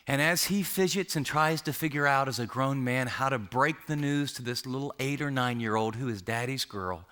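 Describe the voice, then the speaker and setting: A man's voice: medium pitch, sharp tone. A male pastor preaching a sermon, vividly painting a scene for his listeners. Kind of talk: sermon storytelling.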